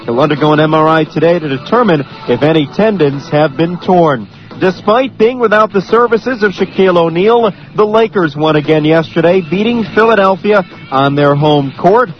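Rich: A man reads a sports news flash with a brisk, even delivery and a slightly raised pitch. The radio sound is dull and lo-fi, with faint music underneath. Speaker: sports newscaster. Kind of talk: scripted news read.

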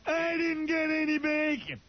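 A man doing an impression of a loud, complaining TV salesman ranting in a diner. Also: extremely high pitch, flat delivery, measured pace, soft background music, pitched above the performer's own voice. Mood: angry ranting. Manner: yelling, complaining, repeating himself. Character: loud, grumpy middle-aged male TV salesman yelling at a diner. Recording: dull lo-fi radio broadcast.

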